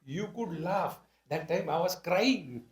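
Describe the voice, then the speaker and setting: A man's voice: sits high, expressive, takes it slowly. Indian-accented male spiritual teacher, storytelling discourse, voices his characters, wry humor. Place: talk to a live audience.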